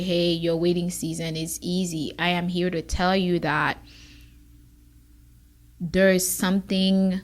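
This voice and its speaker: A woman attorney hosting her own show, giving an earnest personal testimony and sometimes close to tears. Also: on the low side. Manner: emotional, near tears at times; earnest, encouraging. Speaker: podcast host, immigration attorney.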